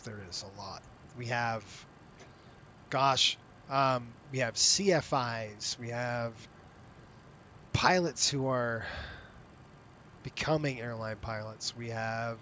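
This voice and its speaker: Streaming a flight simulator for his virtual airline, a man chats loosely with viewers, wandering off topic, interrupting himself, yawning, and sounding worn out. His medium-pitched voice is bright and forceful, with a slight hiss or hum in the audio.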